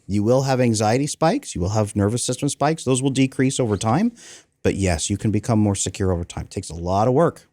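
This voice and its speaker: A man in his thirties, an attachment coach appearing as a guest on an interview show, explains things with emphatic energy and acts out quoted dialogue. His voice is fairly low and fairly quick. The sound is clean studio audio with no room sound.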